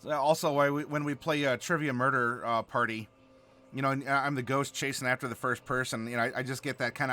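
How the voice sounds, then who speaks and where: A man with a slight Southern American accent, hosting a casual chat in a playful, animated way with frequent laughter. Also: mid-range voice, quick pace. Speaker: host.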